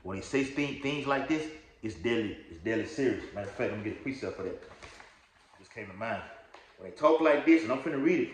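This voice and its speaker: A man preaching informally, with a fairly low voice and a loose, rambling delivery, often checking in with his listeners. He stops to read verses aloud. The room around him sounds echoey. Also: expressive, fast, a little hiss or hum. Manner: rambling, repeats "all right?" and "okay?", reads scripture aloud. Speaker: lay preacher. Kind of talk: informal religious teaching video.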